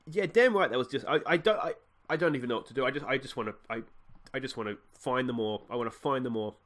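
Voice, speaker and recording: In a mid-range, slightly bright voice, a young Australian speaks animatedly and fairly fast during let's-play commentary of his football management game. He rambles with fillers on his gaming channel, getting more and more fed up and ranting mockingly at his players.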